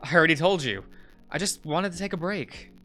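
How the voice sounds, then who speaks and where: A man's voice: on the high side, brisk, a bit bright, soft background music, voice pushed up, natural voice. A man voicing the nervous, stammering young man in his twenties who is the visual novel's main character. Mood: flustered. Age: 20s.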